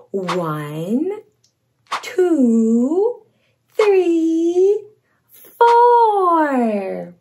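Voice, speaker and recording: A young woman hosting a toddler read-along lesson, speaking slowly and playfully and imitating farm animal sounds. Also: a little high, mellow, a little hiss or hum. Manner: slow, sing-song, exaggerated for toddlers, imitates animal sounds. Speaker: children's show host.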